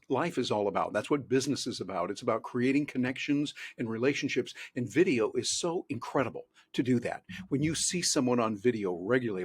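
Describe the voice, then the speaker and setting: A man talking as a guest on a video call from his home office, folksy and animated, acting out little dialogues as he tells stories. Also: medium pitch, slightly rough, no echo. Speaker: guest speaker. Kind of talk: casual interview chat.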